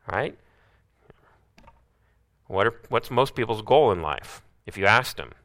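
A man's voice: on the low side, sing-song, moderate pace, vocal fry, a bit bright. A man preaching a sermon, often putting rhetorical questions to his listeners.

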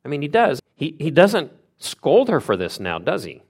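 A man preaching a sermon in a conversational way, asking rhetorical questions and moving between soft and emphatic delivery. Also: a little high, huge pitch swings, normal speed, breathy edge.

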